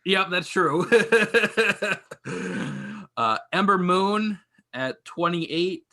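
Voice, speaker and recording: A man's voice: high voice, lively intonation, very slow, bright, forceful tone. A man co-hosting a podcast, steadily recapping an event in a list-like way with filler uhs. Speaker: podcast co-host.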